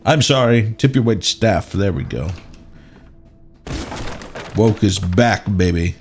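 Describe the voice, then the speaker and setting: A man's voice: fairly low pitch, animated, takes it slowly, soft background music. A man streaming live, joking sarcastically with his chat and the game characters as he plays. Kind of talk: live gaming commentary.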